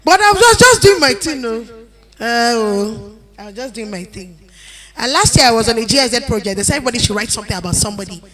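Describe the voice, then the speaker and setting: A woman's voice: on the high side, quick pace. A woman speaking on a conference panel, giving earnest advice and repeating her key points. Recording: event hall with crowd noise.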